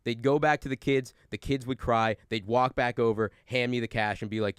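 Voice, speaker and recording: A man in his forties, a guest on a talk show, telling animated stories in casual chat and acting out angry customers. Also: medium pitch, a little fast, clean tone, no echo, studio quality.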